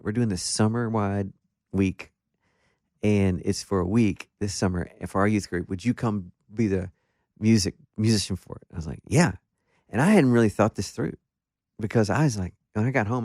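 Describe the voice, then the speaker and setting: A man, a guest musician, telling stories in a casual interview in an animated, self-deprecating way, with many restarts. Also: fairly low pitch, normal speed, no echo, clean studio sound.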